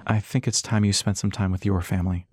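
A man voicing Elias, a wry, weary husband and father in an audiobook, soft and teasing. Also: deep voice, level tone, quick pace, no room sound. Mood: tender.

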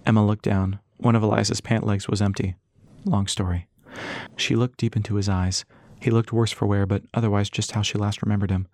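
A man narrating an audiobook in a steady, even manner. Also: lowish voice, brisk, creaky, dry recording, studio quality. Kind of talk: scripted narration.

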